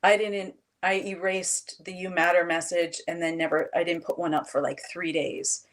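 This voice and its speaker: A woman who teaches high school English, telling classroom stories in a casual, animated way and acting out what her students said. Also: normal speed. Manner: animated storytelling, acts out students' quotes. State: emotional, near tears. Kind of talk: casual chat.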